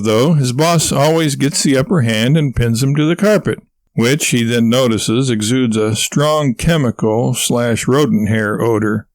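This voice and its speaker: A man narrating a comic novel in an even, wry storytelling manner. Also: mid-range voice, no echo. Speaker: audiobook narrator. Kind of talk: scripted narration.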